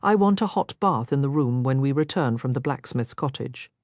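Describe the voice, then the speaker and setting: A woman voicing a charming, worldly young male aristocrat who speaks softly, teasing and protective. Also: very deep voice, expressive, moderate pace, dry recording. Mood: tender.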